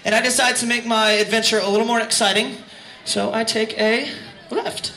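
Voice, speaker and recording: A man's voice: high-pitched, steady tone, normal speed, sharp tone. A man fronting a band, telling a rambling, self-mocking story between songs at a concert, laughing as he goes. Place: concert venue. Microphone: stage vocal mic. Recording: echoey live venue, crowd noise.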